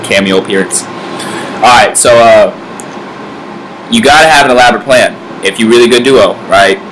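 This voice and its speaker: A man's voice: mid-range voice, normal speed, fairly bright tone, slight background noise, low-quality recording. Laid-back young man giving bro advice. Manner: laid-back bro talk, filler-heavy, acts out little scenes. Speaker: vlog host giving dating advice. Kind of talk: casual comedic advice vlog.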